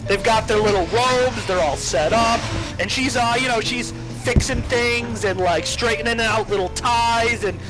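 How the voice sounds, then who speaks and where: A man narrating a tabletop game as game master, animated and quick to laugh. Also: very high-pitched, music in the background, rough recording.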